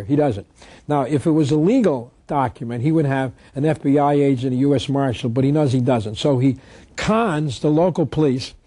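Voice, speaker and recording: A man's voice: on the high side, mellow, breathy edge, no room sound. A man giving an instructional talk, emphatic, asking rhetorical questions and answering them himself. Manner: reads statutes aloud. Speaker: tax protest lecturer.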